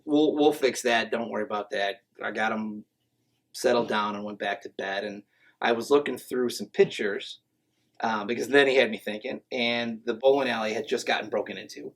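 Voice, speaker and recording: A man's voice: lowish voice, moderate pace, rough recording. A man guest on a podcast, telling stories in a casual, joking, self-mocking way. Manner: joking, self-mocking, deadpan tall tales. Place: podcast studio.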